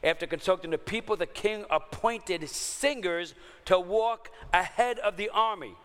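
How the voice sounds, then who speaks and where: High-voiced preaching man in a reverberant hall. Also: unhurried, smooth. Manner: emphatic preaching, swings between low hushed lines and raised urgent ones. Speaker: pastor. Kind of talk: sermon.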